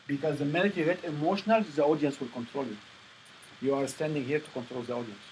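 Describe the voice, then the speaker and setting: A man's voice: a little high, brisk, darkish tone, a little hiss or hum, low-quality recording. A man coaching a sales presentation workshop, firm and emphatic as he lectures.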